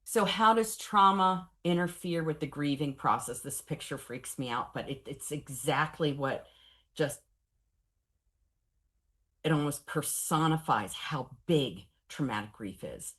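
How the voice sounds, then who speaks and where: A woman in her forties giving a professional training lecture on trauma and grief, candid and animated, with wry humor. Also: sits low, a little slow. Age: 40s.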